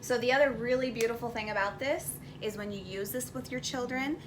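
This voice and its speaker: Woman co-host with clear background hiss. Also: on the high side, fairly quick. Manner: conversational, affirming and adding examples. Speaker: parenting video co-host. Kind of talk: casual teaching chat. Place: home.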